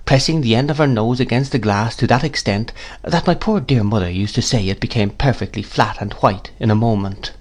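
Man reading a classic novel aloud. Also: fairly low pitch. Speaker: audiobook narrator. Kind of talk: scripted narration of a classic novel.

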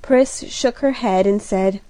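Slow, clear woman narrating an audiobook. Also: medium pitch, dry recording. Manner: slow, clear, even reading. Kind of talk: scripted narration.

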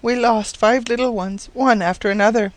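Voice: mid-range voice, fairly even intonation, moderate pace, no echo, pitched above the performer's own voice, lightly acted. Narrator doing a faint, crushed widow. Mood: sad. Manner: faint, complaining tone. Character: sad, crushed widowed woman. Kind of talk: audiobook reading.

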